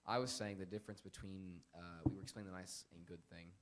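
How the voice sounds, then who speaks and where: A young man hosting a casual Bible lesson, earnest and emphatic, with animated bursts when quoting. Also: low-pitched, quick pace, background noise. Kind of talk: casual Bible teaching chat.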